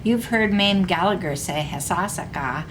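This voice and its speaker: A woman teaching a recorded language lesson, explaining slowly and repeating example phrases. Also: on the low side, noisy background.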